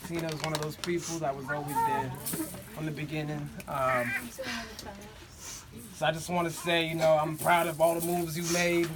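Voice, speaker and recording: A man's voice: fairly high pitch, flat delivery, normal speed, very noisy. A man in his twenties giving a loose, joking birthday toast, full of "um" and "you know what I mean". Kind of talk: casual party speech. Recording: loud crowd around.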